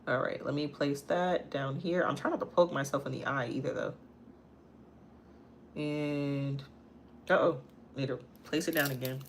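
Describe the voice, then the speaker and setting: A woman's voice: low voice, steady tone, a little slow, long pauses, a little hiss or hum. A young woman hosting a live makeup tutorial at home, chatting casually and answering viewer comments as she works. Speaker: makeup vlogger and livestream host. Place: home, near a kitchen.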